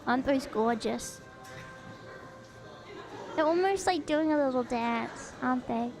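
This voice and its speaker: A woman hosting a live stream, chatting with viewers as she reacts to what is on screen. Her voice sits very high, and she lets her words stretch out at an unhurried pace. She sounds bubbly and easily thrilled, gasping with delight. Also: expressive, music in the background. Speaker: streamer host.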